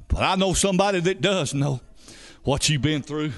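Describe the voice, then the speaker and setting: A man preaching a revival sermon as an evangelist, fervent and peppered with hallelujahs, building up to shouts. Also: on the high side, moderate pace.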